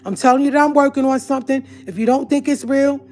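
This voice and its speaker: Woman going off on her channel, fired up and repeating herself, kinda high voice, faint music behind. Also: steady tone, quick pace, a little mellow. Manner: heated, confrontational, repetitive. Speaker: channel host. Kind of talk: ranting live-stream monologue.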